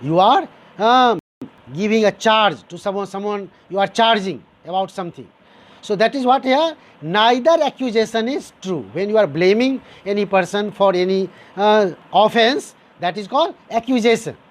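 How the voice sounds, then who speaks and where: A man's voice: high-pitched, expressive, normal speed. A man teaching a grammar lesson, repeating each example sentence and explaining it step by step to his dear students. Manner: addresses listeners as dear students.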